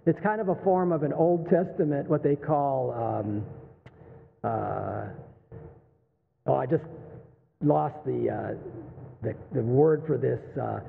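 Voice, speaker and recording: A man's voice: medium pitch, slow pace, creaky, long pauses, slight background noise. A man in his sixties, a pastor with a Texan accent, preaching a conversational sermon in a church. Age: 60s. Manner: conversational, animated, laughs and asks the room. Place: church sanctuary. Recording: phone-like, thin sound with long hall reverb.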